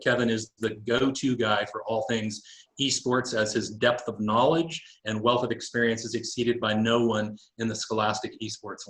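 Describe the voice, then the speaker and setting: Over roomy video call audio, a man with a lowish, slightly bright voice presents a webinar. He speaks earnestly and gratefully, in a measured way with some fillers.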